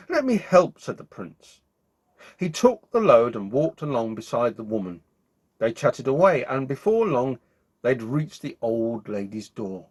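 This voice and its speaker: A man hosting his own show, reading a children's bedtime story aloud in an expressive, animated way. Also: mid-range voice, slightly rough. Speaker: storyteller host.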